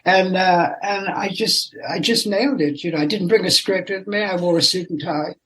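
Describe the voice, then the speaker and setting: Older man, animated storyteller, casual guest chat. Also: high voice, normal speed, slight background noise, rough recording. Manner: animated, laughing storyteller who slips into character voices. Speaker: guest, rock singer and actor.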